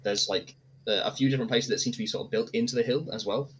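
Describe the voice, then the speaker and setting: A man narrating as game master of a tabletop game, rambling with many fillers and slipping into quick voices for townsfolk. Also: mid-range voice, slight background noise, rough recording. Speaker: dungeon master.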